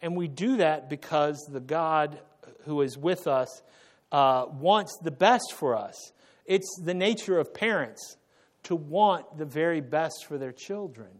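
A man preaching an unscripted sermon, pausing on fillers and correcting himself as he goes. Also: fairly high pitch. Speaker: pastor.

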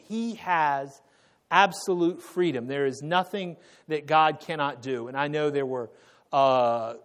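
A man preaching an unscripted sermon, pausing on fillers and correcting himself as he goes. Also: fairly high pitch. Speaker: pastor.

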